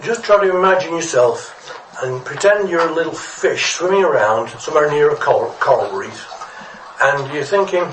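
Preacher, rambling storyteller, animated pitch, echoey church from afar. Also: male voice, normal speed, a little hiss or hum. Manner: chatty, rambling, good-humoured. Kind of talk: storytelling sermon. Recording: echoey room from a distance.

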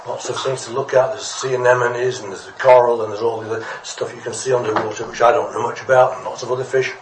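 A man's voice: medium pitch, little pitch movement, quick pace, noisy background, close to an everyday voice. A man voicing a small, earnest fish puzzled by the others. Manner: earnest, bewildered. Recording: echoey room from a distance.

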